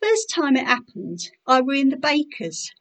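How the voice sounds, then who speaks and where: A woman's voice: high voice, big pitch swings, normal speed, a bit bright, voice pushed up, exaggerated voice, low-quality recording. A woman voicing a melancholic underage working-class boy soldier in a spoken poetry performance.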